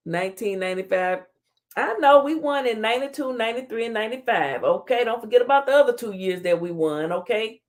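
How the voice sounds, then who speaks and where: A woman with a fairly high, lively voice hosts a casual live-stream talk show at a brisk clip. She reads comments out loud, laughs, and trash-talks playfully, tossing in Southern slang like "child" and "honey."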